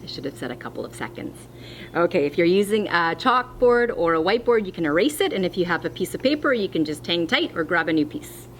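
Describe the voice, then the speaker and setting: Lively-voiced woman teaching phonics. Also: lowish voice, a little hiss or hum. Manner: slow, clear, encouraging teacher talk to young children. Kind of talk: distance-learning phonics lesson.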